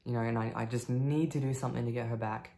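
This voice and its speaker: A woman in her thirties telling her own story on a video diary. She talks candidly and casually, swears freely and fills pauses with lots of ums. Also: extremely low pitch, steady tone, warm tone, a little hiss or hum. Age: 30s. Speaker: vlogger.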